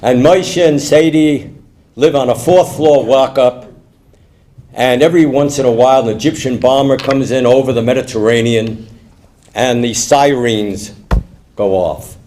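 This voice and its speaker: An older man telling jokes to a live audience in an animated storytelling manner. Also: mid-range voice, measured pace. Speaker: stand-up comedian.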